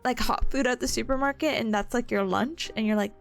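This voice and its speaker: A woman's voice: fairly high pitch, fairly quick, soft background music. A young woman streamer chatting casually with her viewers, giggling often and slipping into playful silly voices. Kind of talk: casual live-stream chat.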